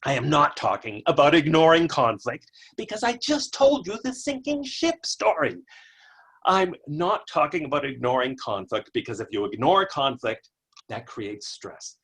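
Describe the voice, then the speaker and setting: An energetic man delivering a motivational keynote by webcast, telling stories and tossing in playful asides. His pitch rises and falls in wide, lively swings. The voice has a light husky roughness. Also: normal speed. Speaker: keynote speaker.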